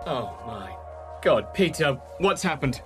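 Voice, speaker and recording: An actor playing an eager young museum administrator in a radio sitcom, exasperated and incredulous. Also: male voice, on the high side, very animated, takes it slowly, over music. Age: young adult.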